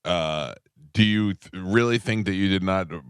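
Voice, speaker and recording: Low-voiced teasing radio host. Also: male voice, normal speed, smooth, no echo, clean studio sound. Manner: teasing, laughs often. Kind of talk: casual radio banter. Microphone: studio microphone.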